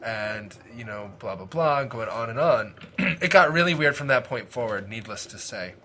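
A man's voice: mid-range voice, moderate pace. Rambling man co-hosting a chat podcast. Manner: relaxed, rambling with fillers. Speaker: podcast co-host. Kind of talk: casual chat.

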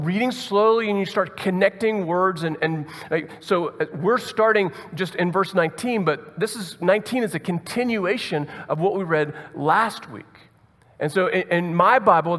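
A man's voice: high voice, fairly bright tone. A man preaching a conversational sermon as pastor, often repeating words as he thinks aloud. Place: church hall. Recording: long hall reverb.

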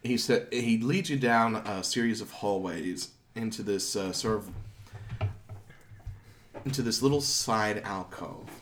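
A man narrating as game master of a tabletop game, describing scenes in an unhurried way with frequent fillers. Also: on the low side, fairly bright tone, a little hiss or hum.

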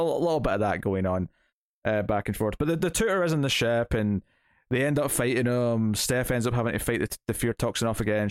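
A comic book podcast host in his thirties casually chats while reviewing a comic issue, rambling with many restarts and fillers. His medium-pitched voice is captured at studio quality with no echo.

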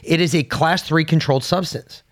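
Male podcast co-host, blunt and profane, argues his point, voice sits a bit high. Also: steady tone, moderate pace. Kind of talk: political podcast chat.

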